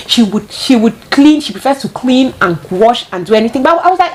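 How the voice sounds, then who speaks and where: A woman, telling a story to her viewers in a casual, animated way and often calling them guys. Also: mid-range voice, a little fast. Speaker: vlogger.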